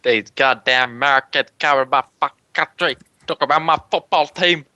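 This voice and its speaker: Guy putting on a sweary bogan bloke ranting away, bright voice. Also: medium pitch, moderate pace, smooth, no echo, lo-fi sound. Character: crude angry bogan local man.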